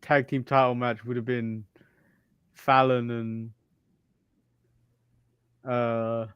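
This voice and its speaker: A man's voice: mid-range voice, flat delivery, slow pace, smooth, no room sound, lo-fi sound. A man hosting a live stream, giving offhand running commentary and laughing often as he chats. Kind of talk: casual wrestling watch-along chat.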